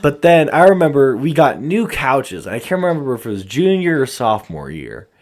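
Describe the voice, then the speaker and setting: A man's voice: mid-range voice, a little fast. A man co-hosting a podcast, telling school stories in casual chat and acting out what people said. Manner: animated storyteller, acts out quotes. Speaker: podcast co-host.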